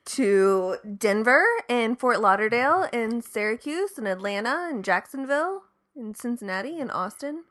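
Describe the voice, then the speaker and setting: A woman's voice: a little high, animated, normal speed, fairly bright tone. A woman co-hosting a podcast, chatting casually and teasing with dry interjections. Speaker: podcast co-host. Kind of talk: casual chat.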